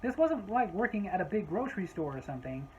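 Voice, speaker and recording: A woman's voice: mid-range voice, very animated, fast talker, a little mellow, lo-fi sound, a little hiss or hum. Woman storyteller, casual vlog delivery, wry and exasperated tone. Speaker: storyteller, former gas station clerk.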